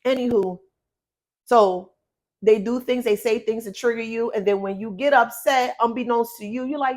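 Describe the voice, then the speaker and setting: A woman's voice: on the high side, normal speed. A woman giving a spoken tarot reading to her viewers, blunt and emphatic, repeating words and swearing for stress. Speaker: tarot reader.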